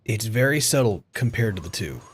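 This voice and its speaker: A man giving casual live-stream commentary as streamer, excitable, swearing freely and chuckling often. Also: lowish voice, fairly quick, slightly rough.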